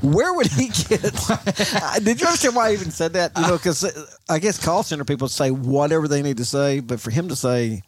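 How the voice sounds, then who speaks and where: A man's voice: a little high, fairly quick, hardly any pauses, slightly rough. A man co-hosting a podcast in casual chat, teasing and bantering with animation. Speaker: podcast co-host.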